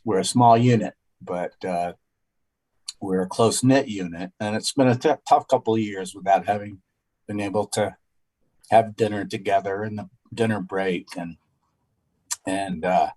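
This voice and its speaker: A man, a city councilor, giving an informal tribute at a council meeting, halting with many fillers and restarts. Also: lowish voice, darkish tone.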